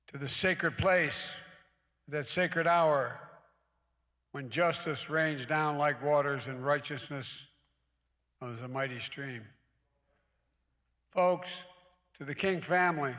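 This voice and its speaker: Older man in his eighties, public speech, folksy asides, bright tense tone, echoing church sanctuary. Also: on the high side. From United States. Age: 80s. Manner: folksy asides building to emphatic oratory. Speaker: guest speaker at a church service. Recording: long hall reverb in a large church.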